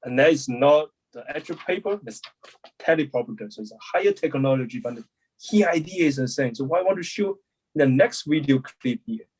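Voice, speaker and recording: Husky-voiced male host, explains clips in a measured, slightly halting way, lesson-style talk. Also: mid-range voice, a little mellow, rough recording. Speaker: host of a public speaking channel.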